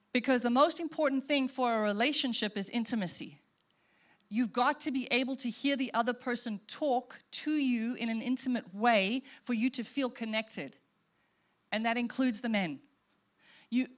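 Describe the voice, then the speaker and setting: A woman pastor preaching a sermon in a conversational, animated way, acting out her own reactions. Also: fairly high pitch.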